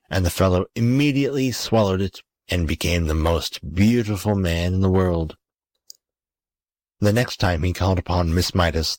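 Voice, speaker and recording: A man narrating a classic story as an audiobook, calm and even. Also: sits low, no room sound.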